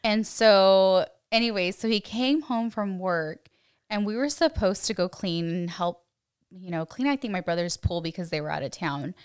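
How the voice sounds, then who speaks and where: A young woman co-hosting a podcast, telling a story casually and acting out what she said in a higher voice. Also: moderate pace, clean tone. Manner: chatty storyteller, acts out quotes in a higher voice. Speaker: podcast co-host. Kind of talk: casual chat.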